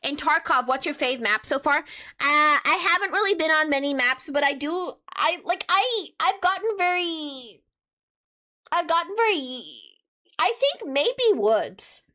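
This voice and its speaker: A woman's voice: high voice, animated, a little slow, bright, forceful tone. A woman streamer with a childlike, youthful-sounding voice, chatting casually and playfully as she reads and answers her chat. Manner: playful and chatty, with teasing asides.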